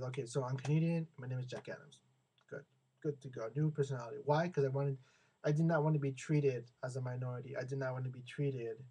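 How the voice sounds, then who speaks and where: Mellow and husky at a medium pitch, this young American man rambles casually while venting on his vlog, captured in a rough recording. Repetitions and restarts are common, and he performs the voices of the people he quotes.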